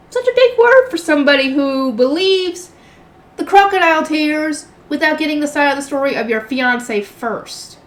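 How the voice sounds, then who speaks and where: A woman's voice: sits high, lively intonation, normal speed. A woman reading a novel aloud as a channel host, breaking off for chatty, exasperated asides. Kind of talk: reading aloud with casual commentary.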